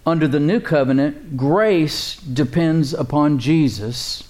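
A man preaching a sermon as pastor, calling out to the congregation and slowly repeating key phrases. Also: fairly high pitch, a little mellow.

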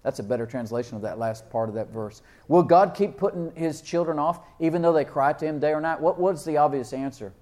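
A man preaching a sermon, reading scripture slowly and asking his listeners questions, with loud emphatic peaks and frequent laughs. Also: fairly high pitch. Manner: reads King James verses slowly and deliberately; asks the congregation questions and laughs often.

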